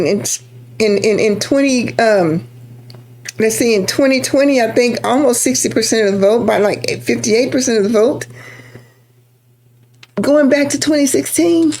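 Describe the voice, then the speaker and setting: A woman with a Texan drawl gives casual political commentary. Her voice sits a little high, and she talks in a chatty, emphatic way, circling back to drive points home. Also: darkish tone. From Texas. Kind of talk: casual political talk to camera.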